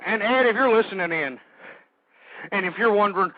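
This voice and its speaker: A man's voice: high-pitched, brisk, long pauses, dry recording. A man hosting a call-in radio talk show, angrily ranting with repeated rhetorical questions and insults. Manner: indignant, shouting insults, repetitive rhetorical questions. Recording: dull lo-fi internet radio audio.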